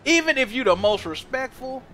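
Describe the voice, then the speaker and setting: A young man streaming a game, telling stories in animated, profane slang. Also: very high-pitched, moderate pace. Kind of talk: casual chat while gaming.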